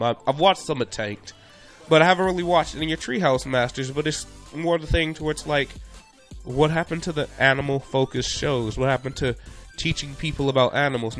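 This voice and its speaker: A man's voice: mid-range voice, a bit bright. A young man narrating a casual video commentary in a playful, conversational way with jokey asides.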